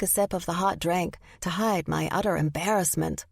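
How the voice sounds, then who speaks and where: A woman narrating a first-person romance audiobook in an even storytelling manner. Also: fairly low pitch, moderate pace, creaky, hardly any pauses, no room sound, clean studio sound.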